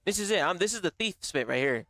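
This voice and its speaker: Male streamer, fairly high voice, casual profane banter, slightly strained. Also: expressive, fast, sharp tone, dry recording. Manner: slangy and profane, calls chat bro and baby. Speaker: gaming livestreamer. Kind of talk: casual live-stream chat.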